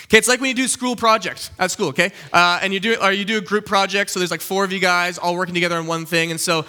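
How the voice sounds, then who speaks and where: A young man preaching a casual teaching sermon, animated and conversational, often checking in with his listeners. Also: high voice, fast talker, clear, resonant tone.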